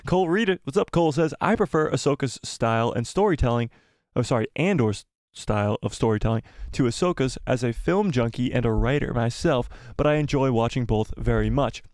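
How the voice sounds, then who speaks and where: Guy doing a live fan stream, reading chat out loud, voice kinda going, dry close sound. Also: mid-range voice, animated, fairly quick, dry recording. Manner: rambling, enthusiastic, reads chat comments aloud. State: losing his voice.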